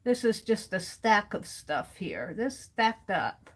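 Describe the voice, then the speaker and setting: A woman's voice: mid-range voice, big pitch swings, husky. A middle-aged woman chatting casually to herself as she sketches for her art vlog, musing over what to draw next. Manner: slow, musing, talks to herself as she draws. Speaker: art vlogger. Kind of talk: casual narration while sketching.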